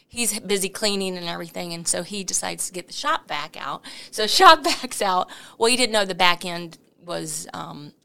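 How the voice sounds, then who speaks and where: A middle-aged woman telling a story as an interview guest, animated and laughing, with many fillers. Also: medium pitch, creaky, clear, resonant tone. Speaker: coffee company founder, interview guest.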